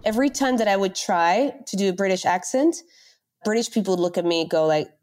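A woman telling animated stories as an interview guest, laughing often. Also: mid-range voice, quick pace. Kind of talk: casual storytelling.

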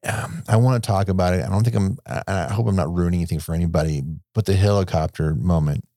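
A man's voice: deep voice, fast, dark tone, dry recording, studio quality. A man chatting about a film on a podcast, enthusiastic and rambling, swearing freely. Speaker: podcast co-host. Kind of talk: casual movie discussion.

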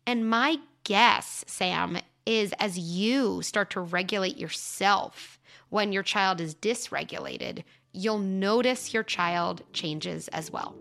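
A young adult woman hosting a parenting advice show, speaking in a calm, reflective, explanatory way as she answers a listener. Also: medium pitch, slow, creaky. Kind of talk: advice podcast monologue.

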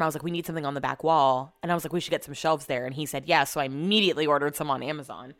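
A young woman hosting a podcast from home, telling a long story in a rambling, casual way and clearing her throat often. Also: deep voice, very fast, few pauses, fairly bright tone. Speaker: podcast host. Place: home with renovation noise nearby.

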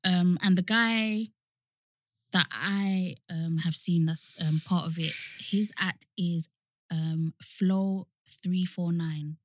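A woman's voice: lowish voice, steady tone, slow, no echo, clean studio sound. A young woman co-hosting a podcast in casual chat, full of "like" and "you know". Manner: chatty, frequent "like" and "you know" fillers. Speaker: podcast co-host.

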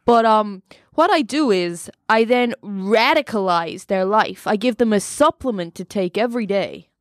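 A woman's voice: mid-range voice, animated, normal speed, no echo, clean studio sound, close to an everyday voice. A woman playing a brash, boastful American male self-help mentor who rambles with many fillers. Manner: rambling, cocky, full of fillers. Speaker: studio guest. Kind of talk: improvised comedy role-play.

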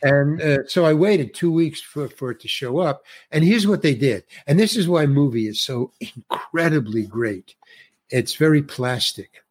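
Middle-aged male actor, lively anecdote teller, voices the other characters, slightly high and very expressive. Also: measured pace, husky. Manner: animated storyteller who acts out the other people's lines. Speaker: actor guest. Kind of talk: conversational anecdote.

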